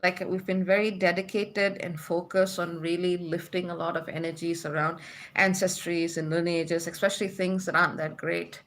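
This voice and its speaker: A woman's voice: lowish voice, level tone, moderate pace, fairly bright tone. A woman from Malaysia hosting a spiritual livestream in a casual, chatty way, reading out viewer comments and laughing often.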